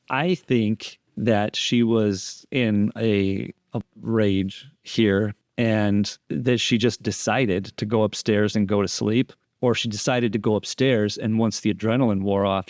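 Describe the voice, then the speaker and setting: A man's voice: lowish voice, darkish tone, no echo, clean studio sound. A man instructing on deception analysis, explaining interrogation footage in a methodical way and repeating key phrases for emphasis.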